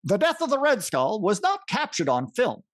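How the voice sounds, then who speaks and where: A man putting on the voice of a solemn 1940s wartime radio reporter, reading a broadcast in a formal, measured newsreel manner. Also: high-pitched, wildly swooping pitch, a bit bright, heavily acted. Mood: solemn reporting. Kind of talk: 1940s radio announcer impression.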